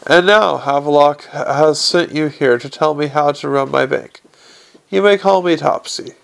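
Guy doing a cheeky old lady banker, blunt and teasing, kinda high and crackly. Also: measured pace, gravelly, fairly bright tone, clear, resonant tone. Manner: dry, teasing, slyly blunt. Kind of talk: audiobook character reading.

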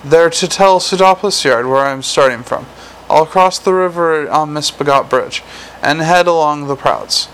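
A man voicing a gruff, tired city watch commander who gives brisk orders. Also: a little high, fairly bright tone, slight background noise, natural voice, poor audio. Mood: commanding. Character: gruff weary middle-aged male city watch commander.

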